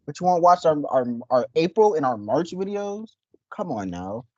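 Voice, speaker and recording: A young man co-hosting a casual reaction video, joking and rambling with loud laughs. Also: a little high, sing-song, normal speed, no echo, highs cut off. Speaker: reaction channel co-host.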